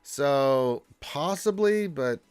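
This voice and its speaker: A man's voice: on the high side, animated, very slow, smooth, no echo. A man hosting a casual livestream, reading viewer questions and answering in a loose, chatty way with many fillers and restarts. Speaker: livestream host.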